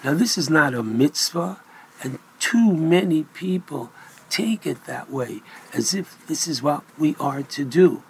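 A man giving a Torah lecture as a rabbi, speaking deliberately and with emphasis, mixing in Hebrew terms. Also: a little high, animated, gravelly, slightly rough, poor audio.

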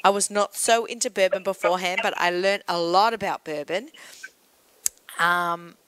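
A woman's voice: lowish voice, moderate pace, a bit bright, clear, resonant tone, no echo. A woman hosting an interview, chatting casually and enthusiastically with her guest. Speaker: podcast host.

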